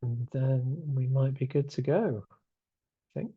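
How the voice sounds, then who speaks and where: A man's voice: mid-range voice, measured pace, breathy edge, no room sound, narrow, tinny audio. A man hosting an online webinar in casual chat, reading out chat replies with plenty of fillers. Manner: chatty, reads out chat replies, many fillers. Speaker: webinar host. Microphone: video call.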